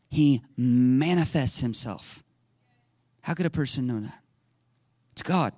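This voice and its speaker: A male pastor preaching a sermon and telling stories in an animated, conversational way. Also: mid-range voice, slow, long pauses, no echo, studio quality. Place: church sanctuary.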